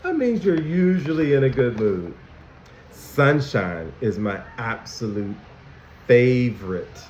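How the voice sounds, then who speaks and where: A man school counselor giving a lesson to young children, animated and asking them many questions. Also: mid-range voice, slow pace, a little hiss or hum. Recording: dull, echoey room recording.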